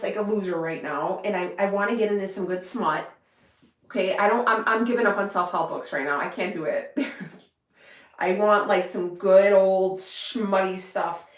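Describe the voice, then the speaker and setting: A woman vlogger chatting casually to her viewers, rambling with lots of fillers and restarts. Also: medium pitch. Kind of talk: casual chat to camera. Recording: echoey room.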